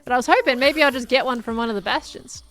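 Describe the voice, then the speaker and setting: A woman's voice: high voice, quick pace, a bit bright, faint music behind. A woman chatting casually and giggling as she thinks aloud while playing a game. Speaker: gaming streamer.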